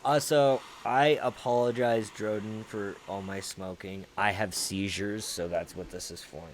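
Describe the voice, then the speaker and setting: A man's voice: lowish voice, fairly even intonation, unhurried, a little hiss or hum. A man with a Southern US accent, hosting a livestream and chatting casually with his viewers in a rambling, profane, laid-back way. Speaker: livestream host.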